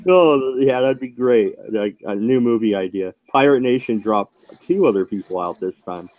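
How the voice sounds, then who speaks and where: A man's voice: mid-range voice, normal speed, darkish tone, no room sound, poor audio. A man hosting a casual online chat stream, joking and laughing often as he talks.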